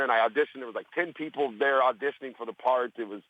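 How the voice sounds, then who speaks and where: A man's voice: mid-range voice, fast, hardly any pauses, narrow, tinny audio. A man guesting on a radio show, telling stories in a rambling, self-interrupting way while hungover.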